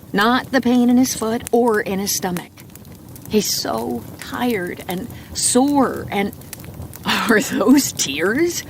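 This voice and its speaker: A woman narrating a bedtime audiobook in a calm, soft reading voice. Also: medium pitch, slight background noise.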